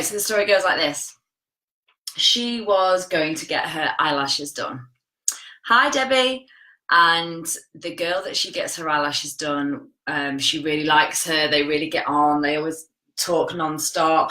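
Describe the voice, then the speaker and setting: A woman's voice: low-pitched, sharp tone, echoey room, poor audio. A woman hosting a casual live stream, chatting and greeting viewers by name as she tells a story. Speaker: host of a live coaching stream.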